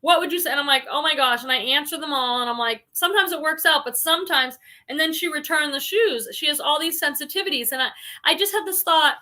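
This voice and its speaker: Quick-paced and high, with a pushed, bright tone, a woman hosts a casual reseller livestream. She talks freely, reads viewers' comments out loud, and uses "like" and "um" constantly.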